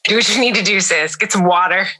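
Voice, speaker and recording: Woman, podcast co-host, chatty and teasing, very bright tone. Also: medium pitch, quick pace, poor audio. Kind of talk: casual chat.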